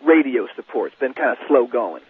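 A man's voice: medium pitch, animated, a little fast, husky, no echo. A man playing a blustering, patriotic amateur songwriter calling into a radio show, brash and talking down to the host. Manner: brash, calls the host son. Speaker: caller. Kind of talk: prank radio call. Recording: tinny phone line.

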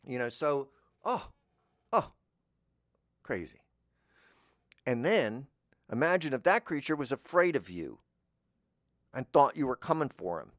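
A man's voice: medium pitch, dry recording, studio quality. A man hosting a comedy podcast, telling a meandering, whimsical, self-mocking story. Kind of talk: rambling comic monologue.

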